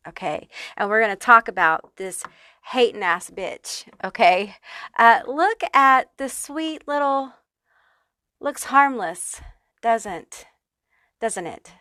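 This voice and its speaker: A woman's voice: mid-range voice, a bit bright, no echo. A woman giving a casual pick-a-card tarot reading, talking loosely with frequent swearing, fillers and check-in okays. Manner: chatty and profane, many fillers and check-in okays. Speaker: tarot reader.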